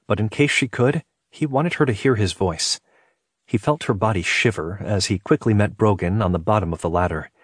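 A man narrating a novel in a steady, measured reading. His voice is low with a husky grain. The sound is close and dry, with no room around it. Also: no room sound. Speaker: audiobook narrator.

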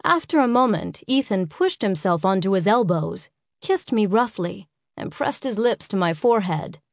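A woman reading a first-person romance audiobook in an intimate, unhurried way. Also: mid-range voice, very animated, dry recording, clean studio sound. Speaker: audiobook narrator.

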